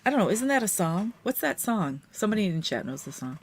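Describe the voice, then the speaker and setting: A tired woman co-hosting a casual late-night livestream, playful and teasing, with deadpan jokes. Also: medium pitch, fast talker, breathy edge. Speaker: livestream co-host.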